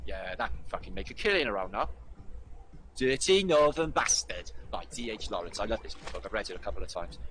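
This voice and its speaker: A man hosting a casual livestream, talking in a sweary, sardonic and animated way. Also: on the low side, brisk, a little hiss or hum, rough recording. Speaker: livestream host and author.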